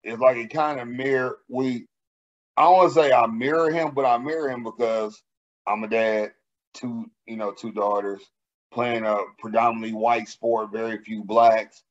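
Profane, animated man telling stories. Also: medium pitch, normal speed, muffled recording. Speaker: podcast co-host. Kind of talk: casual podcast banter.

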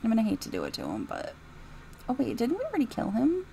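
A woman giving chatty, giggly commentary as she plays through a game mod, reacting out loud to what happens on screen. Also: a little high, huge pitch swings, quick pace, vocal fry, slight background noise, low-quality recording. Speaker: YouTuber reviewing game mods. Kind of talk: casual gameplay commentary.

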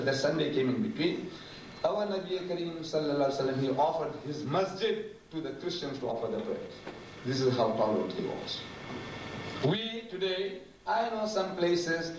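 A man gives an animated, humorous public lecture and sometimes mimics other voices. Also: a little high, brisk. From South Africa. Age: 70s. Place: large lecture hall. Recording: echoey hall, distant mic, noisy.

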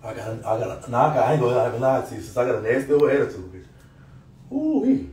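A man ranting on a live stream, loud, taunting and profane, laughing often. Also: mid-range voice, sing-song, quick pace, echoey room, distant mic, low-quality recording. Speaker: social media personality.

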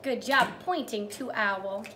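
With a noisy background, a young female teacher's highish voice carries a picture book story to small children. She praises each step and makes animal noises, keeping her delivery sing-song, encouraging, and drawn out.

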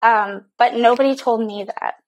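A woman's voice: fairly high pitch, fairly even intonation, normal speed, poor audio. A young adult woman and mother telling a candid, emotional story-time vlog, swearing now and then, with plenty of fillers. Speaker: vlogger mom.

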